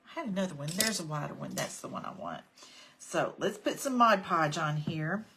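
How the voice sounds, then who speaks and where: This craft tutorial host chats through a casual livestream demo, pausing between steps to greet her viewers by name. She sits low and sounds animated and gravelly at a normal speed, over a noisy background.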